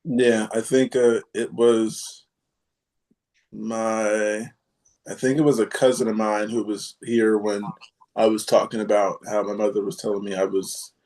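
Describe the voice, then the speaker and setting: A man hosting a casual group chat, halting and full of fillers, with a sarcastic streak. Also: fairly low pitch, level tone, darkish tone. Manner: halting, many fillers, self-described sarcastic. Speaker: podcast host.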